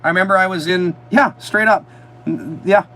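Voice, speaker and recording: Animated man telling stories in a motorhome. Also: high voice, moderate pace, rough recording. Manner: animated storytelling, swearing, mocking. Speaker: livestream host. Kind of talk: casual livestream chat. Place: inside a motorhome.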